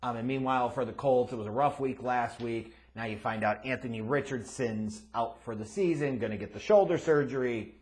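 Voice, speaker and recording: A man hosting his own sports picks show, casual and profane, dropping to quiet mutters and then bursting into loud, unhinged rants. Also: mid-range voice, brisk, few pauses. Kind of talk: casual sports betting commentary.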